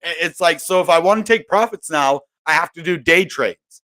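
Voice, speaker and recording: A man's voice: fairly high pitch, normal speed, pushed and bright. A man hosting casual crypto market commentary, rambling and exasperated, often cutting himself off mid-sentence. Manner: rambling, exasperated, self-interrupting. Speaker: crypto video host.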